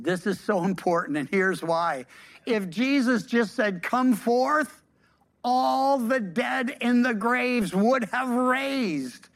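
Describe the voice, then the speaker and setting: A pastor preaching a sermon, reading scripture aloud and breaking in with lively, slangy asides. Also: mid-range voice.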